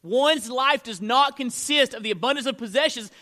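A male pastor in middle age delivering a sermon with a high, forceful, bright voice. He preaches emphatically, building to loud declarations, then dropping to quiet, low-pitched lines. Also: lively intonation, normal speed. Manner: emphatic preaching, swinging between loud and soft.

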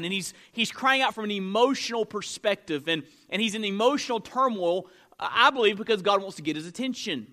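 A man's voice: high voice, fairly bright tone. A man preaching a sermon, asking the congregation rhetorical questions and using frequent fillers and restarts. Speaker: pastor.

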